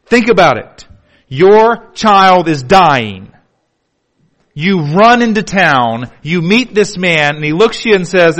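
A man's voice: sits high, very animated, takes it slowly. Male pastor preaching dramatically. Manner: dramatic, shifts from hushed to emphatic, repeats words. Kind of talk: sermon.

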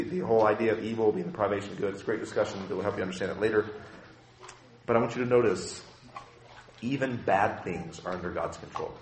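Impassioned pastor preaching in an echoey room. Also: male voice, fairly low pitch, a little hiss or hum. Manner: impassioned, swings from quiet to loud. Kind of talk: sermon.

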